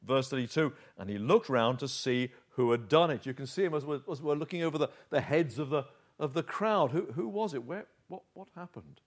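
A man's voice: a little high, lively intonation, a little fast, few pauses. A man preaching a sermon through a Bible passage, telling it as a vivid story with rhetorical questions. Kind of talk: expository sermon.

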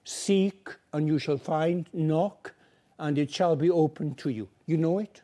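Slow, warm-toned preacher man. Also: high-pitched. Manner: earnest, pleading, acts out little dialogues. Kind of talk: evangelistic sermon.

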